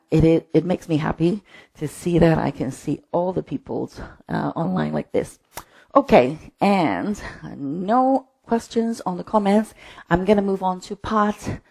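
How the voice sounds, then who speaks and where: A woman's voice: lowish voice, creaky, mellow. A woman leading a live-streamed line dance class from home, chatting with viewers and calling out step counts. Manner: chatty, counts steps aloud.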